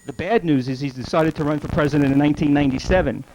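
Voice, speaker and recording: A man doing a stand-up comedy set on a club stage, firing off one-liners and briefly putting on voices for the people in his jokes. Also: a little high. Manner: rapid one-liner delivery, quick voices for characters in the jokes. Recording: noisy old club video recording.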